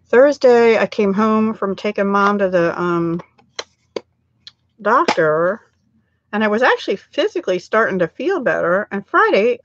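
A middle-aged woman with a mid-range voice hosts a live crafting stream, chatting and rambling as she works. Her throat is still scratchy from a cold, and the recording has its highs cut off.

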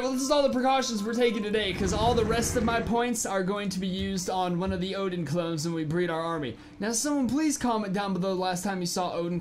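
A man giving excited gameplay commentary as a gaming video host, animated, with crude jokes and sudden yells. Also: high voice, slight background noise. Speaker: gaming YouTuber.

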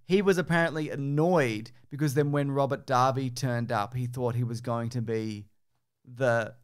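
Australian man, commentary host, casual chat, deadpan jokes, mid-pitched voice. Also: moderate pace, clear, resonant tone. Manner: joking, deadpan absurd riffs. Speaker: film commentary podcast host.

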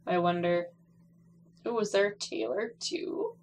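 A young woman talks her way through a game in unhurried, drawn-out phrases. She swears freely and snaps back at characters on screen, breaking into laughs and little squeals as she plays. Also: fairly low pitch, darkish tone, a little hiss or hum. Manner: laughs and squeals while playing. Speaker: gameplay streamer. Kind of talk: casual gameplay commentary.

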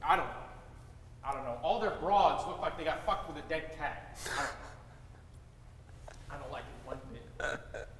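A man plays a bitter, foul-mouthed salesman ranting with scorn. His slightly high voice sounds roomy and echoing, with long hall reverb and faint noise. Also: normal speed, long pauses, natural voice. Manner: coarse, swearing rant. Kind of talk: live stage acting.

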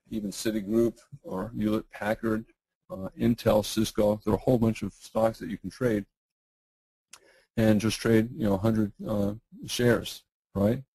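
A middle-aged man, losing his voice and clearing his throat, answering webinar questions in a halting way with many fillers and restarts. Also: fairly low pitch, warm tone, dry recording, rough recording. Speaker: guest trading educator.

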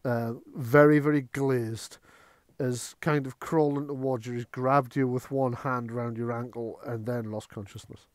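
A man's voice: mid-range voice, fairly even intonation, a little slow, few pauses, no room sound. A man running a tabletop horror game as game master, chatty, with many fillers and restarts.

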